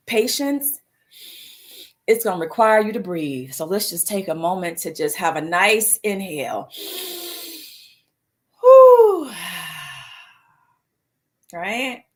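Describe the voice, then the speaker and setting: A woman with a fairly low voice hosts a live mindfulness stream about setting an intention, casual, playful and animated. She reads viewer comments aloud, says "right?" and "y'all" often, laughs easily between reflective stretches, and slips into exaggerated voices for asides.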